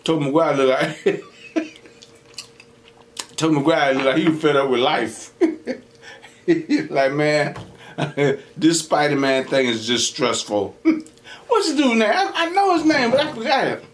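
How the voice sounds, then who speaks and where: A young man chats animatedly into a camera mic at his table, his voice sitting a bit high and swinging up and down as he tells a story. He laughs often and slips into other people's voices to act out what they said. Behind him is a faint hiss and quiet room sound. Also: lively intonation, measured pace, long pauses. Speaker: mukbang host. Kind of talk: casual storytelling while eating.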